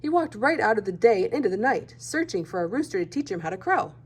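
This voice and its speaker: A woman's voice: medium pitch, very animated, fast talker, breathy edge. A woman reading a children's picture book aloud, expressively, acting out the animal sounds. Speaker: storybook reader.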